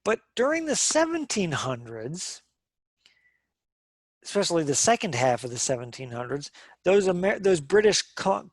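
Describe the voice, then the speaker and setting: Gravelly man teaching a class. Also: high voice, no echo. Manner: conversational, asks the class questions, many restarts. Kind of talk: social studies lecture to a class.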